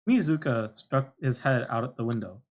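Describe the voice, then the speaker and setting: A man's voice: mid-range voice, normal speed. A man streaming himself reading a visual novel aloud, casual, stopping to comment and correct himself.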